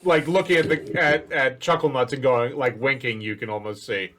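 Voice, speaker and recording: A man's voice: mid-range voice, fairly even intonation, moderate pace, a bit bright, a little hiss or hum. A man narrating a tabletop game as game master, loose and rambling with lots of fillers.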